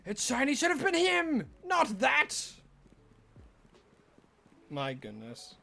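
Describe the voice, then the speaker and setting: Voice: high voice, takes it slowly, creaky, faint music behind. Playful rambling Australian streamer. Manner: playful, rambling, bursts into excited yelling. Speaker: game streamer. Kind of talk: live gameplay stream chat.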